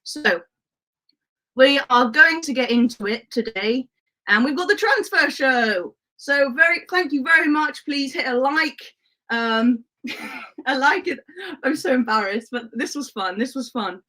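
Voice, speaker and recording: A woman's voice: high-pitched, lively intonation, a little slow, sharp tone, rough recording. A young woman chatting on a football live stream, giggly and reading out chat messages.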